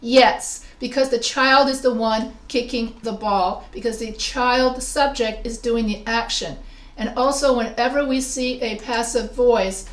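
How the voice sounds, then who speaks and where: Slightly high and reverberant, the voice belongs to a woman writing instructor running an online grammar lesson. She moves slowly through examples and calls on students with questions.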